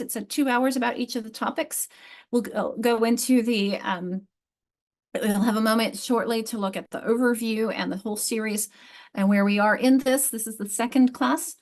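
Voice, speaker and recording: A woman with a New York accent leading an online literacy class in a friendly, chatty way, often restarting her sentences. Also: high-pitched. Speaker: literacy instructor. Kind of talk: online teaching session. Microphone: video call.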